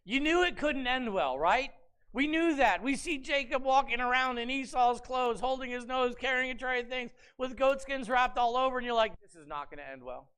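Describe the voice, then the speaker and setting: Bright-voiced, animated male pastor preaching. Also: very high voice, normal speed, clean tone. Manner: animated storyteller, dramatizing scripture with rhetorical questions. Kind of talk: sermon. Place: church sanctuary.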